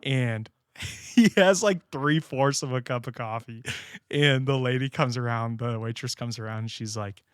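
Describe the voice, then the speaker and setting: A young man co-hosts a casual podcast, telling stories with plenty of laughter. He acts out other people's lines as he talks. His voice is mid-pitched and sits close and dry. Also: moderate pace, clear, resonant tone, no echo. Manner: animated storytelling, laughing, acting out quotes. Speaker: podcast co-host. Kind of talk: casual chat.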